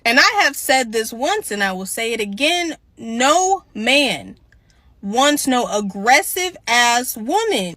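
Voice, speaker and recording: A woman gives blunt, sassy commentary straight into a dry, close mic. Her voice is bright and a touch high, and she lectures her audience like she is settling an argument. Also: dry recording. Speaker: commentary channel host. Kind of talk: reaction commentary on clips.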